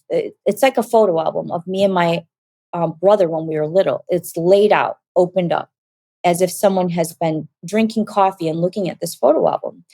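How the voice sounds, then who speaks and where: A woman telling a personal story as an interview guest, animated and acting out quoted dialogue. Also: lowish voice, dry recording.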